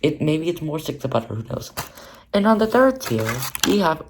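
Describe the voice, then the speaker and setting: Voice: mid-range voice, big pitch swings, moderate pace, heavy background noise. A crafting vlogger narrating their own paper project in a rambling, chatty, self-mocking way. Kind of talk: casual narrated crafting vlog.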